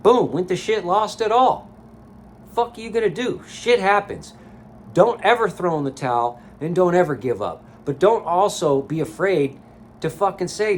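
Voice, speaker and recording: A man's voice: high-pitched, expressive, moderate pace, a little hiss or hum. A man giving a blunt, profane motivational rant to camera as a life coach vlogger, recorded in a sauna.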